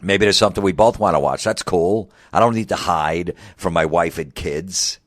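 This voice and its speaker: Deep-voiced man ranting with profane mockery. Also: normal speed, dry recording, clean studio sound. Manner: angry, mocking, heavy swearing. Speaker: comedian. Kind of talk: profane comedic rant.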